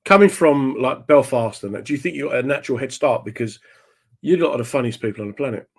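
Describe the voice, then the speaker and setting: This guest is a stand-up comedian whose mid-range voice moves at a quick pace with a breathy edge. Animated throughout, he tells funny anecdotes and takes on the voices of their characters.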